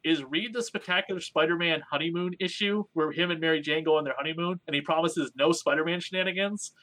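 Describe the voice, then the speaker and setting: Bright-voiced man hosting a podcast. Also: on the high side, fast. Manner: rambling, storytelling with acted-out quotes. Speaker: podcast host. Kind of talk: casual comic book podcast chat.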